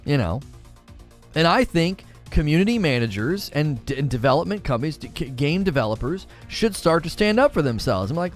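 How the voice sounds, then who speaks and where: This live gaming talk show host speaks fairly quickly in a slightly high voice as he launches into an animated, emphatic opinion rant. Soft music plays behind him.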